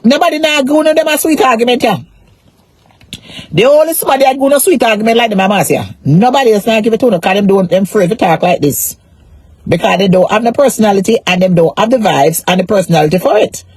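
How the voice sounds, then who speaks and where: A woman's voice: medium pitch, darkish tone, slightly rough, no echo. A Jamaican woman on a casual live stream, rambling in a repetitive, emphatic way about money, shame and her pain. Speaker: social media personality.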